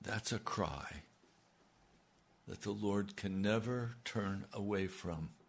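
A man's voice: fairly low pitch, slow, gravelly. A male preacher delivering a sermon with an impassioned, emphatic manner.

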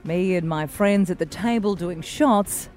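A woman co-hosting breakfast radio, reading song lyrics in a deadpan newsreader voice. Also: on the low side, a little slow, faint music behind. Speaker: radio co-host.

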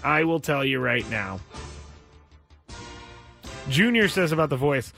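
A man hosting a sports talk show, chatting casually and rambling with frequent restarts and sudden jumps in pitch. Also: animated, takes it slowly, creaky, pauses often, a bit bright, soft background music. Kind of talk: casual chat.

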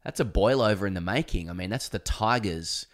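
A lowish-voiced Australian man co-hosting a casual cricket podcast. He rambles and jokes, slipping into mock-grand ad reads with an easy, teasing manner. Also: brisk. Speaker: podcast co-host.

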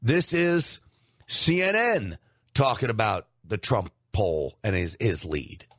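A man's voice: lowish voice, lively intonation, slow, a bit bright. A man hosting an opinionated political commentary show, talking emphatically and repeating words for stress.

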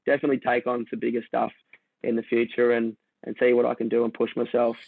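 A laid-back Australian man tells his story in a flat, gravelly voice, rambling and restarting as he goes. He comes through a tinny, phone-like line with a dry sound. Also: mid-range voice, fast talker, no room sound. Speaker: guest surfer. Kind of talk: casual storytelling conversation.

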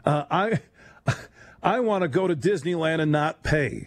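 A man hosts a late-night radio talk show in a slightly high voice. He rambles in an animated way and laughs often. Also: a little slow, no room sound.

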